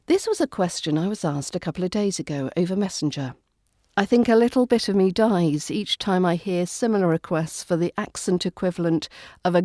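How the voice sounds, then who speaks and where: A woman with a British RP accent teaching pronunciation in a podcast lesson, saying each sound slowly and carefully. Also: lowish voice, warm tone, no room sound, studio quality. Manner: slow, careful enunciation of single sounds. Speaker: accent coach.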